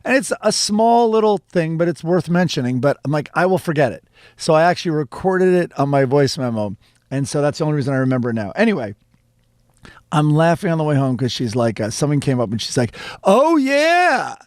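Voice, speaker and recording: A man's voice: a little high, lively intonation, fast, darkish tone, no echo, clean studio sound. A man co-hosting a podcast, telling rambling stories with joking asides in casual chat. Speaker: podcast co-host.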